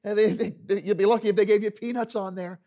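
A man's voice: high-pitched, fairly even intonation, quick pace, warm tone, voice pushed up. A man voicing a pessimistic, discouraging male barber who runs everything down and stammers. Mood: scornful. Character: grumbling, pessimistic male small-town barber.

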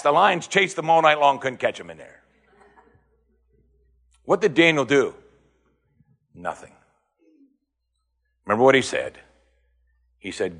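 A man preaching a sermon, firing rhetorical questions, rising to emphatic high points and dropping low again. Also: very animated, slow pace, gravelly, long pauses, fairly bright tone.

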